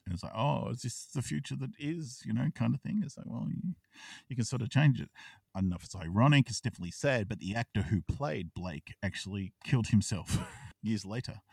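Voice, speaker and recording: A man co-hosting a casual podcast, retelling a TV episode in an animated way and acting out the characters' lines. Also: fairly low pitch, a little fast, creaky, breathy edge, no echo, clean studio sound, distant mic. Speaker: podcast co-host. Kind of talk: casual chat reviewing a TV episode.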